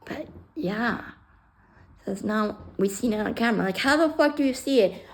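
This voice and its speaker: A woman's voice: on the high side, expressive, normal speed, low-quality recording. A woman casually telling a personal story on her vlog, blunt and heated, swearing freely and sometimes dropping almost to a whisper.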